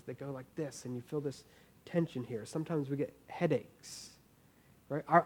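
A man in his thirties giving a conversational sermon as a pastor, earnest and informal, often repeating words as he thinks aloud. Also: on the high side.

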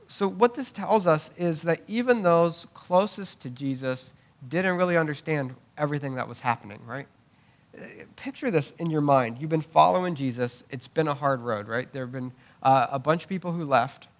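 A pastor with a slightly high, somewhat bright male voice gives a conversational sermon. He frequently restarts by repeating words, adds asides, and checks on listeners with tag questions like "right?"

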